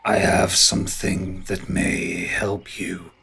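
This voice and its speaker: A man voicing an ancient male tree spirit who speaks slowly and solemnly in a tabletop game. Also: deep voice, flat delivery, creaky, sharp tone, breathy edge, voice pushed down, exaggerated voice. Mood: grave. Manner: slow, measured, solemn delivery.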